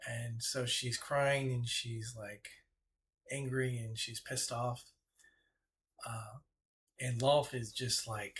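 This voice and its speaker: A man, an author, casually retelling a story, halting and repeating himself with many fillers. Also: mid-range voice, flat delivery, a bit bright.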